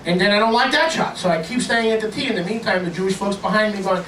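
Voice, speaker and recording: A high-pitched male pastor delivers an animated, joking sermon, slipping into little acted voices as he tells his stories. He sounds a bit distant from the microphone in an echoey worship hall, with faint room ambience behind him. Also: quick pace, few pauses, slight background noise.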